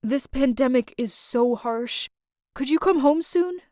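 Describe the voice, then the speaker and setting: A woman voicing a worried middle-aged father who speaks haltingly. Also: high-pitched, dark tone, dry recording, clean studio sound. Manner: hesitant, halting.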